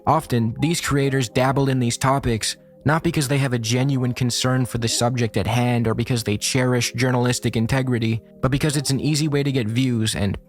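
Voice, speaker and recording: A man reads a scripted video essay in a measured, critical tone. His voice sits at an ordinary middle pitch, and he lays out each point steadily. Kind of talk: scripted narration.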